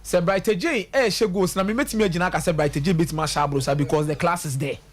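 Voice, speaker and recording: A man's voice: fairly high pitch, a little fast. A man with a Ghanaian accent, giving passionate sports analysis on a radio talk show and mixing local slang into his English. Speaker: sports pundit.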